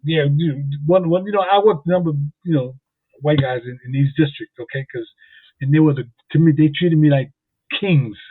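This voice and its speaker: A man from Jersey City telling rambling stories as a podcast guest, repeating words excitedly. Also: on the high side, fairly quick, no room sound. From Jersey City, New Jersey. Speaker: guest, former boxing champion and police officer. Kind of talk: casual storytelling. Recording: tinny phone-like line, dry.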